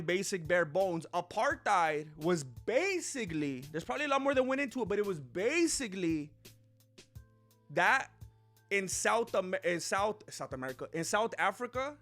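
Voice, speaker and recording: A man giving casual, rambling vlog commentary with animated, jokey asides. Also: high voice. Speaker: online commentator.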